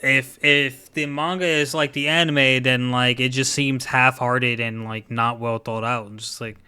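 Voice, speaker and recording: A man's voice: medium pitch, fairly even intonation, measured pace, bright, forceful tone, clear, resonant tone. A man co-hosting a podcast, giving a rambling, hedging critique of an anime with lots of fillers. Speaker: podcast co-host. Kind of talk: casual anime discussion.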